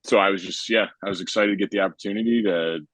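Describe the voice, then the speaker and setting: Young male pitcher, deep low voice, dry close sound, easygoing rambling podcast talk. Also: fast talker, dry recording. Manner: relaxed, rambling, heavy on filler words. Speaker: professional baseball pitcher. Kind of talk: casual podcast chat.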